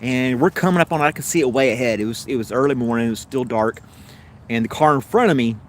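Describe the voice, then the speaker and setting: A man's voice: medium pitch, fast talker, slight background noise. Rambling Southern American man. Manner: rambling storyteller with many fillers and self-corrections; laughs easily while telling stories. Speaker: live-stream host. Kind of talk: casual live-stream chat with viewers.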